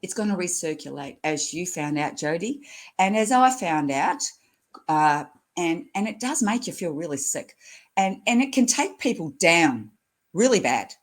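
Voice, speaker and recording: A woman's voice: fairly low pitch, animated, normal speed. A woman in her sixties, a nurse educator speaking as an interview guest in a blunt, earthy way, often laughing as she tells stories. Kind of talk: casual interview chat.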